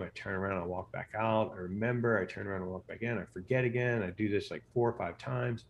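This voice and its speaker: A man's voice: lowish voice, fairly even intonation, fast talker, few pauses, muffled recording. A middle-aged American man, a physician guest in an interview, telling stories casually with lots of fillers and restarts. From United States. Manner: rambling, many fillers and restarts.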